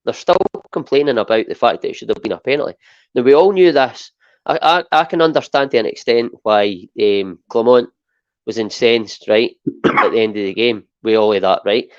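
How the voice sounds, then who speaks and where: A Scottish man holds forth in casual podcast chat, building his points with emphatic "right?" tags. His voice sits at an ordinary pitch. The recording is dry and a little muffled. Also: fairly quick, dry recording. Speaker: podcast co-host.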